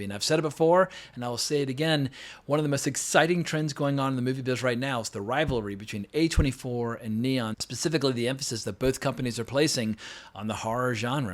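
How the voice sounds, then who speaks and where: A man talks through a movie review at a quick clip. His voice sits at a middle pitch, and his delivery is loose, opinionated and peppered with swearing. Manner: casual, opinionated, with frequent swearing and fillers. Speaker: film reviewer. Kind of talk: unscripted movie review monologue.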